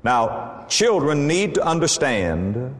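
Lively preaching man in a reverberant hall. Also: fairly high pitch, slow pace. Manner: emphatic preaching, quoting scripture. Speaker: pastor. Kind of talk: sermon.

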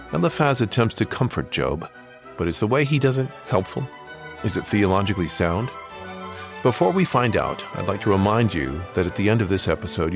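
A man with a very deep, gravelly voice opens the program as host, delivering a scripted introduction with a lively, rising and falling melody. His announcing is smooth and measured, with clear music playing behind him.

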